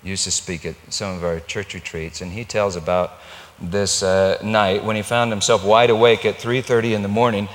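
A male pastor telling a story in a sermon, animated and acting out the dialogue. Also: on the low side, moderate pace. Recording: long reverb in a large hall.

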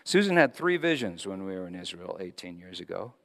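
Middle-aged preacher in a reverberant hall. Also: male voice, low-pitched, very animated, a little fast. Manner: conversational, repeats and restarts phrases. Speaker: pastor. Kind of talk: storytelling sermon. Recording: long reverb of a large hall.

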